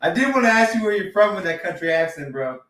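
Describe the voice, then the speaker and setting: A man's voice: sits high, fast. A middle-aged man hosting a podcast and chatting casually, joking and cursing freely. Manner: joking, profane, animated talker. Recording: roomy echo.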